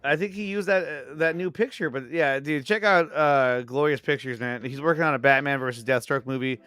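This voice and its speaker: A man hosting a casual livestream chat, excitable and swearing freely. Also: medium pitch, a little fast. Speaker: livestream host.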